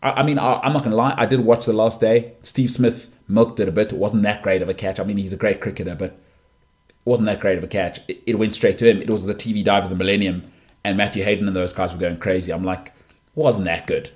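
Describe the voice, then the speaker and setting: A man's voice: on the low side, steady tone, quick pace, a little mellow. A middle-aged man hosting a solo sports podcast, talking in an opinionated, emphatic way with frequent restarts. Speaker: podcast host.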